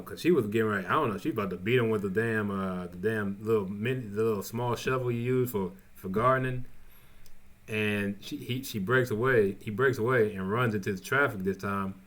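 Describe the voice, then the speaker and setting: A man casually recapping episodes of a show, rambling and halting, with frequent restarts. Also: on the low side, fairly bright tone. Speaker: TV show reviewer.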